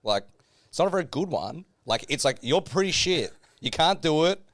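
A man's voice: on the high side, sing-song, moderate pace, a bit bright, no room sound, studio quality. A man co-hosting a podcast in casual chat. He talks bluntly and fills his speech with "like" and "right?". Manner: blunt, filler-heavy, lots of "like" and "right?". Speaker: podcast co-host.

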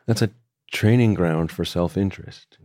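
A man being interviewed as an author, talking in a thoughtful, unhurried way and often restarting his sentences. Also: low voice, dark tone, no room sound, studio quality. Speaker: author guest. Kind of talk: reflective interview conversation.

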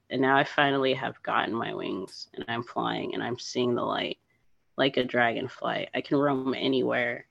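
Woman guest from New Jersey, animated storyteller, dull dry lo-fi audio. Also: rumbling low, creaky, no echo. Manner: animated, emotional storyteller with lots of "like" and "you know". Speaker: podcast guest, thru-hiker. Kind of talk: storytelling in a casual interview.

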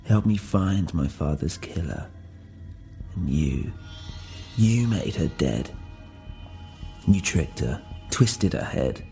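A man's voice: sits low, vocal fry, soft background music, heavily acted. A man voicing Sophia, a cold gunwoman. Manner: curt broken English, slow and flat. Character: cold stern young German woman with a gun.

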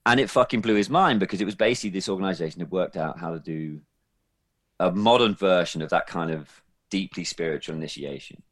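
A man in his forties with a lowish voice tells a candid story as a podcast guest. His speech is emphatic and full of swearing. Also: brisk, fairly bright tone. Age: 40s. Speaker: guest film director.

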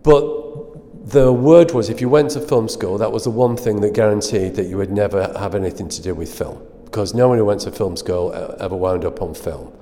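Deep-voiced man telling stories. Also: moderate pace, few pauses, warm tone, long reverb tail. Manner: self-deprecating, laughs at own stories. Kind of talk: anecdotal storytelling.

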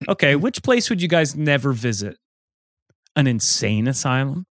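A man's voice: mid-range voice, big pitch swings, moderate pace, dry recording, studio quality. A man hosting a casual comedic chat, playfully quizzing his friends. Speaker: podcast host asking questions.

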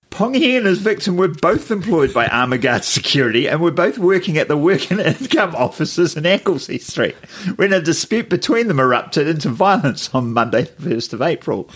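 Husky New podcast host. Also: male voice, mid-range voice, fairly bright tone. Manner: laughs often, hesitant with ums. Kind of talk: casual chat, reading news aloud.

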